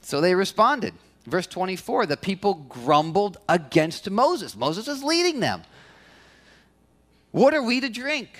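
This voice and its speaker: Male pastor, high-pitched voice, animated sermon delivery. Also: a little slow. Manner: animated, acts out quoted complaints in a higher voice.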